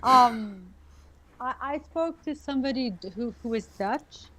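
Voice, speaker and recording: A woman with a Canadian accent, a guest in a casual interview, giggly and animated, often restarting her words. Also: a little high, unhurried.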